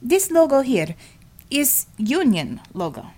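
A woman's voice: high voice, very animated, takes it slowly, warm tone, slightly rough, voice pushed up, exaggerated voice. A woman voicing a blunt, proud Russian woman commissar with a Russian accent, speaking in clipped phrases without articles in an audiobook. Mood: stern. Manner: clipped, drops articles, formal. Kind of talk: audiobook character voice.

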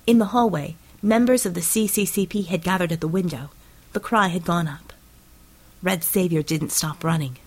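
A woman narrating an action audiobook in steady, dramatic storytelling. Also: on the low side, normal speed, breathy edge, low-quality recording.

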